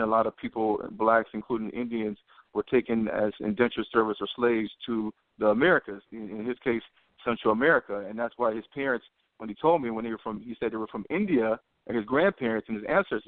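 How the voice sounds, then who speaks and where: Fast-talking man on a phone line. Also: lowish voice, no echo. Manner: long-winded and quick, full of quoted dialogue. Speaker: podcast co-host. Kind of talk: casual storytelling.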